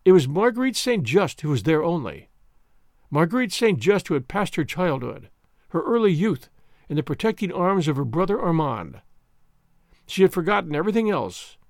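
A man narrating a classic novel in an expressive, dramatic reading. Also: on the high side, moderate pace, gravelly, dry recording, clean studio sound. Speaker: audiobook narrator.

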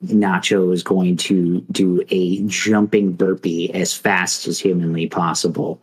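A man's voice: low voice, little pitch movement, a little slow, hardly any pauses, breathy edge, poor audio. A man co-hosting a podcast, telling a mock fight in a rambling, casual way full of fillers. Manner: rambling, filler-heavy storytelling. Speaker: podcast co-host.

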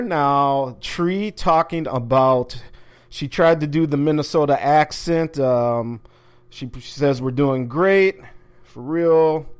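A man hosting a sports talk podcast from an office, talking casually with plenty of fillers and restarts. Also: mid-range voice. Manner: laid-back, chatty, many fillers and restarts. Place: home office.

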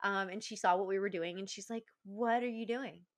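A woman in her thirties, a podcast guest telling warm, emotional stories in casual chat and laughing often. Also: medium pitch, fairly quick.

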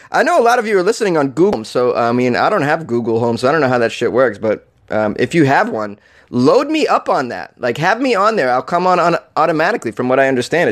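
Man, comedy news host, sarcastic, swears casually, mid pitch. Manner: sarcastic, swears casually, laughs at his own jokes. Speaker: podcast host.

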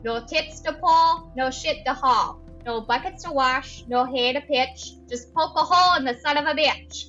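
A woman voicing her brash great-aunt in her eighties with a North Dakota accent, reciting slowly over a dull, lo-fi remote line. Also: high voice, fairly bright tone, faint music behind. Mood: bawdy.

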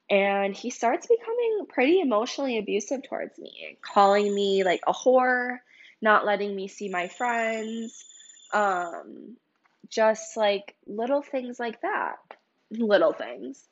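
Young woman podcast host, confiding and raw, curses often, muffled lo-fi sound. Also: medium pitch. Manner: emotional, confiding, swears, lots of "like" and "um". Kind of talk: candid personal storytelling.

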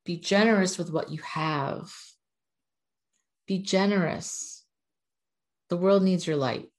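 Earnest low-voiced woman reading oracle cards. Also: takes it slowly, darkish tone. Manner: earnest, encouraging, blunt at times. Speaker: spiritual oracle card reader. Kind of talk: casual oracle card reading to viewers.

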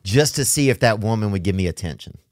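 A man in casual conversation, earnest and halting, leaning hard on "like" as he talks. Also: lowish voice, expressive, no echo, clean studio sound. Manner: halting, earnest, heavy use of "like".

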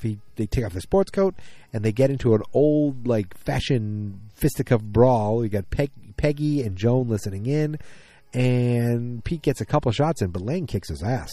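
A man with a warm, medium-pitched voice recaps a TV episode casually, retelling scenes and quoting the characters. His delivery rambles, full of ums and restarts, and there's no room sound.

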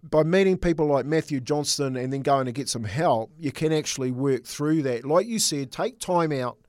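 A man's voice: fairly high pitch, normal speed, darkish tone, no room sound, studio quality. A middle-aged man co-hosting a casual sports chat, telling a personal story earnestly with many restarts. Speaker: co-host.

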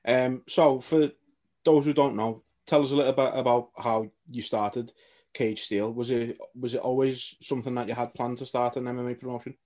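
A man interviewing a guest in a relaxed way, hesitant and quick to laugh. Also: mid-range voice. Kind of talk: casual interview. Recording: voice from away from the mic.

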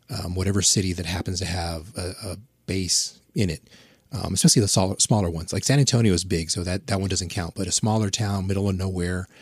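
A man's voice: low voice, breathy edge, no room sound, studio quality. A man chatting casually on a podcast, telling rambling, profane anecdotes. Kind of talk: casual chat.

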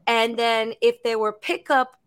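A woman in her thirties, a voice actor guest chatting in an animated way, laughing and acting out lines as she talks. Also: on the high side, unhurried, clean tone, no echo. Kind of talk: casual interview chat.

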